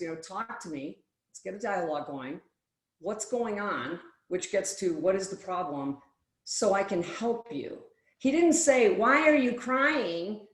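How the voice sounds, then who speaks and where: A woman in mid pitch giving a keynote presentation, her voice carrying with a roomy echo around her. She tells her story in an animated way and acts out the lines of the people she quotes. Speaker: speaker.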